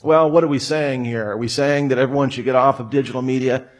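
A fast-talking man with a mid-range voice and fairly even intonation gives a humorous lecture to an audience. His talk is packed with rhetorical questions, jokey asides, and mock voices.

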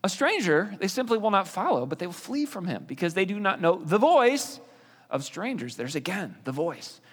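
Guy preaching casual-like, lots of "like" and "you know", pretty animated, big church echo. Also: high voice, moderate pace. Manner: conversational, explains with fillers and restarts. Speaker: pastor. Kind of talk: sermon. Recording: long reverb of a hall.

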